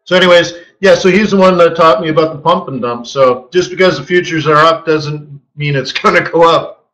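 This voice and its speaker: High, bright-voiced man telling a story. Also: brisk, poor audio. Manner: animated storytelling, chuckling, acting out quotes. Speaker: forex market strategist hosting a live webinar. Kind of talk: casual live webinar talk.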